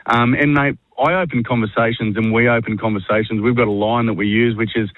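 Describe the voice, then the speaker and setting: A man's voice: medium pitch, steady tone, brisk, no room sound. An Australian man being interviewed on radio, talking earnestly and casually, calling everyone mate. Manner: blokey, says mate constantly, earnest. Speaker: workshop facilitator and guest. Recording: tinny phone line.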